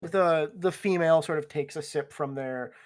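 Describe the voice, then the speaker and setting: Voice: medium pitch, normal speed. A game master narrating a tabletop game in a rambling, laid-back way with lots of fillers. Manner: rambling, filler-heavy, laughs often.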